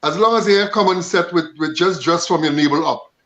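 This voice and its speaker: Laid-back guy cohosting, slightly high voice, friendly banter. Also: brisk, fairly bright tone, muffled recording. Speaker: co-host. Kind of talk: casual chat.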